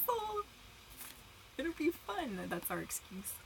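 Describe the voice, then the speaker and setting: A woman's voice: extremely high pitch, vocal fry, a little hiss or hum, rough recording. A young woman livestreaming in casual chat, giggling, greeting viewers by name and talking while eating.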